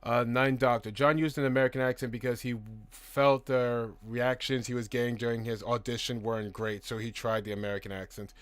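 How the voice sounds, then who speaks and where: A man in the middle of a casual live stream, working through chat questions one by one. He talks in a loose, profane, chatty way and laughs easily. His voice sits at an ordinary middle pitch and comes across dry and close, with no room echo. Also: little pitch movement, fairly quick, few pauses, clean tone. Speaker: host answering chat questions.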